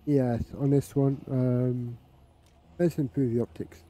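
A man's voice: medium pitch, level tone, slow, rough recording. A man streaming a game, chatting casually to himself and saying his accent drifts toward British. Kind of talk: casual gameplay commentary. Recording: loud game music behind.

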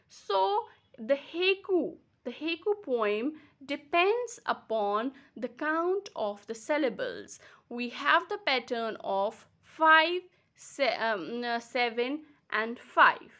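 A woman teacher from Kashmir speaks with an Indian English accent in a bright, fairly high voice. She talks slowly and patiently, repeating words and breaking them into syllables for young learners. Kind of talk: slow classroom explanation.

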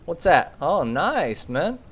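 A man telling a story in laid-back, slangy gameplay commentary, breaking into bursts of excitement. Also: a little high, slow, dull audio. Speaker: gaming YouTuber.

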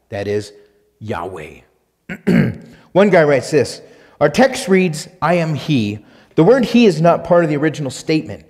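A man's voice: mid-range voice, darkish tone. Emphatic preaching man in a reverberant hall. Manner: emphatic, repetitive preaching with rhetorical questions. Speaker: pastor. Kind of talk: sermon. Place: church sanctuary.

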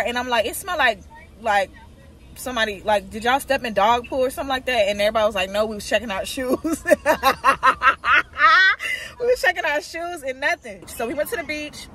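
A young woman vlogging casually to her viewers, telling an exasperated story with animated flair and talking to them directly. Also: fairly high pitch, slight background noise. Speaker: vlogger, mother. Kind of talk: casual vlog chat. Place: in a car, then outdoors at a park.

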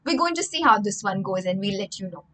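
A woman's voice: mid-range voice, animated, fast, sharp tone, rough recording. A young woman, reading a story aloud on a livestream and rephrasing each line in simpler words for children. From India. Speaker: storyteller and English teacher.

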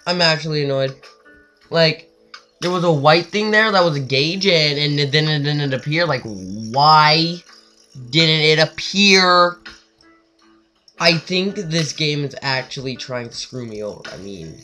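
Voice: mid-range voice, expressive, takes it slowly, pushed and bright. A gamer giving let's play commentary, talking in a frustrated, dramatic way and scolding the fish in the game. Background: faint game music.

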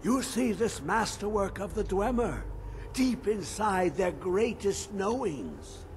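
An actor playing an eccentric older male hermit scholar in a video game, speaking in slow riddles with sudden whispered words. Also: high-pitched, sing-song, darkish tone, a little hiss or hum, full character voice. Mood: cryptic, rambling.

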